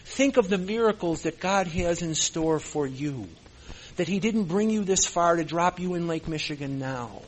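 A man's voice: on the high side, expressive, normal speed, slight background noise. A man speaking to a recovery meeting in an earnest, emotional way, repeating phrases for emphasis and holding back tears. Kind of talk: impassioned speech to a meeting.

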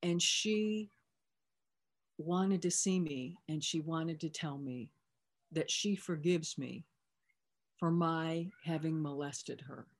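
A woman with a fairly low speaking voice tells a personal story as a recovery sponsor. She talks conversationally, with the odd filler and restart. She retells whole conversations in quoted lines, switching between what she said and what the other person said. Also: slow pace, long pauses.

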